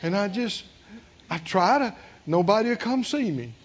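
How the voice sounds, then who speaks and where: A man's voice: high voice, lively intonation, normal speed, dull audio, slight background noise. A man mimicking a mopey old complainer. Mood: self-pitying. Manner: mopey, self-pitying. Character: self-pitying older person complaining.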